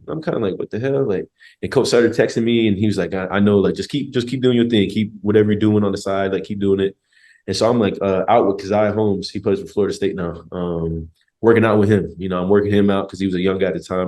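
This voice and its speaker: A man's voice: low-pitched, a little mellow. A young man in his twenties, a podcast guest, telling a personal story in a laid-back, joking way, full of slang and casual swearing. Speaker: podcast guest, former college football player.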